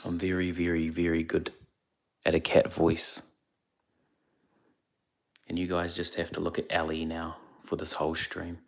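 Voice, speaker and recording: A young man from India, chatting quietly on a livestream into his phone so he won't wake the people around him. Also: sits low, monotone, a little slow, gravelly, long pauses. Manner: speaking quietly, hushed. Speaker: streamer. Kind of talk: casual livestream chat. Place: indoors away from home, others asleep.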